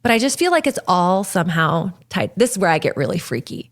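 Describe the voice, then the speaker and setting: A young woman with a Midwestern American accent, a podcast guest telling stories in an animated, emphatic casual chat. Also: lowish voice, brisk.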